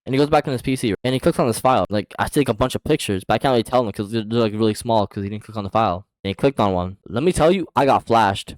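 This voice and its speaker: Young man, low voice, rapid delivery, slangy profane storytelling, dry close sound. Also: no echo. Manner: slangy, profane, rambling with fillers. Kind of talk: casual storytime vlog.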